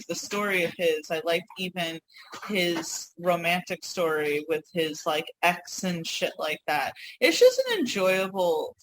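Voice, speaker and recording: A woman's voice: lowish voice, fairly bright tone, a little hiss or hum, rough recording. A woman with a New York accent co-hosting a casual podcast, telling rambling stories with frequent laughs and apologetic asides. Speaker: co-host.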